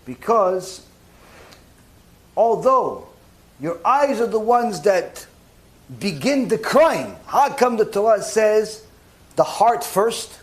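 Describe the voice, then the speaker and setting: A man, a rabbi, giving a lively sermon and acting out little scenes with mock dialogue. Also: high-pitched, takes it slowly, long pauses. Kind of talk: sermon lecture.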